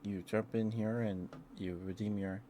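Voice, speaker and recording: A man streaming ASMR, talking softly and affectionately to his viewers into a close microphone. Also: fairly low pitch, fairly even intonation, measured pace, a little hiss or hum. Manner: soft, affectionate murmuring to viewers. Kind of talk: ASMR livestream chat.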